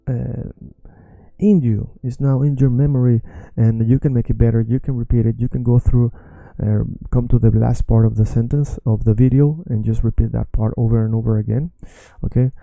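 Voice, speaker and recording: A man teaching a language lesson, repeating phrases slowly and patiently. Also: mid-range voice, gravelly, warm tone, no echo.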